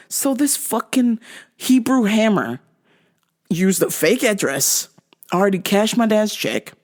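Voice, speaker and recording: A woman's voice: a little high, expressive, unhurried, darkish tone. A woman podcast host telling a comic story, profane and exasperated.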